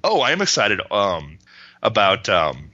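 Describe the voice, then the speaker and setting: A man's voice: fairly low pitch, huge pitch swings, unhurried, pushed and bright, no room sound. A man chatting casually as a podcast guest, rambling with restarts and laughing often. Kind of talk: casual chat. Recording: dull lo-fi dry sound.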